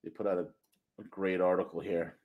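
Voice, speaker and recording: A man's voice: low voice, little pitch movement, a little fast, gravelly, no room sound, phone-quality sound. A man hosting a podcast, delivering a sarcastic, mocking political monologue with emphatic bursts. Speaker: podcast host.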